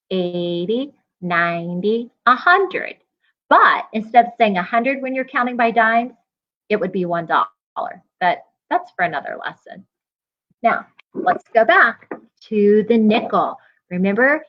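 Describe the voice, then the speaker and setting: Slow sing-song woman teacher. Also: mid-range voice, dull audio. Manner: slow, sing-song coin rhymes with call-and-response. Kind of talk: children's math lesson.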